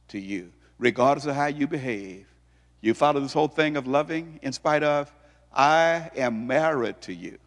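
A male pastor preaching an emphatic sermon, firing off rhetorical questions as his voice swings high and low. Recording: long hall reverb.

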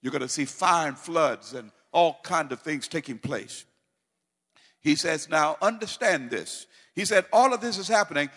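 A man preaching a sermon, moving from calm teaching to loud, fervent declarations full of repetition. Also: a little high, moderate pace, big-room sound.

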